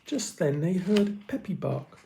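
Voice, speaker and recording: Man reading a children's story, mellow dark tone, slightly high, expressive, dramatic pauses. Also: vocal fry. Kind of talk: children's story read-aloud.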